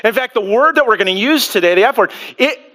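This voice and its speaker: A male pastor preaching to a congregation in church, animated and full of restarts, acting out quotes as he goes. His voice sits high for a man and has a bright, forward edge. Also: fast. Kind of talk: sermon. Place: church before a live congregation.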